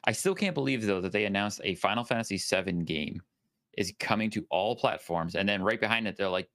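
Male podcast host, very low voice, dry close sound, teasing and jokey. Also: lively intonation, a little fast, a bit bright, no room sound. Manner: teasing, laughs often, recaps news. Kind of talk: casual podcast chat.

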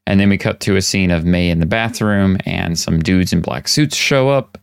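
Low smooth-voiced man hosting a chat. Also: no room sound, clean studio sound. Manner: playful, recaps scenes with quick impressions. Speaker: podcast host. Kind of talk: casual chat.

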